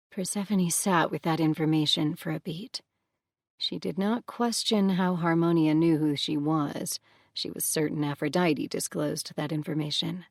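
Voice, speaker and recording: A woman narrating an audiobook in a calm, measured way. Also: deep voice, creaky, no echo, clean studio sound. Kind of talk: scripted narration.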